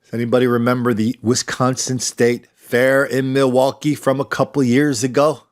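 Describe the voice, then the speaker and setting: A man's voice: mid-range voice, little pitch movement, normal speed. An older man hosting a podcast, delivering a sarcastic commentary monologue and slipping into mocking impressions. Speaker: podcast host.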